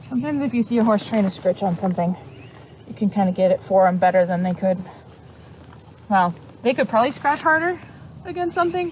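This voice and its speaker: Young woman, chatty instructor at the barn, easy middle pitch, faint ambience. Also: animated, quick pace, slight background noise, low-quality recording. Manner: chatty, explains freely, coos softly to the horse. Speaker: equine exercise instructor. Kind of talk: casual instructional talk while working a horse. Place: at a horse barn or paddock.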